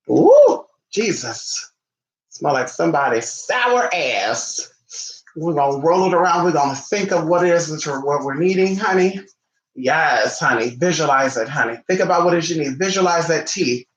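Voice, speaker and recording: In a chatty live-stream ritual tutorial, a flamboyant man calls people honey and responds sassily to viewer comments. He speaks at normal speed in a slightly high, a bit bright voice, recorded in an echoey room.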